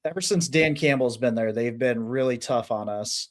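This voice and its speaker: A man guesting on a sports podcast, talking casually and thinking out loud with many fillers. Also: mid-range voice, normal speed.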